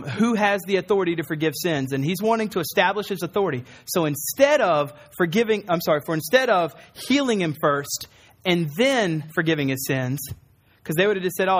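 A man preaching a sermon, earnest, repeating key phrases for emphasis. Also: sits high. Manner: acts out quoted voices in a raised tone. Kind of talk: sermon teaching.

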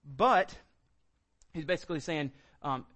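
A man's voice: fairly high pitch, unhurried, fairly bright tone. A man preaching a sermon, explaining scripture in an earnest, conversational way with emphatic stresses. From Southern United States. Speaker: pastor.

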